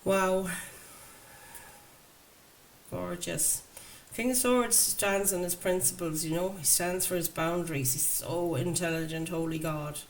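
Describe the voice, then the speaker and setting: At a measured pace and fairly low pitch, a woman chats with her viewers during an enthusiastic tarot reading, often laughing. The audio is poor, with faint noise in the background.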